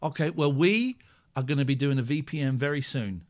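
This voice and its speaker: A man's voice: medium pitch, brisk, a little mellow. A man hosting a casual live stream, rambling playfully and talking to himself as he clicks through tasks. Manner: rambling, playful, talks to himself while working. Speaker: streamer and radio-style host.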